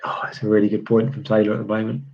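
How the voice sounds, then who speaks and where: A man's voice: fairly low pitch, completely flat delivery, very fast, gravelly, darkish tone. A man from the UK doing casual live tennis commentary, chatty and rambling as he answers viewer chat with lots of "um"s. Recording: slightly dull lo-fi stream audio.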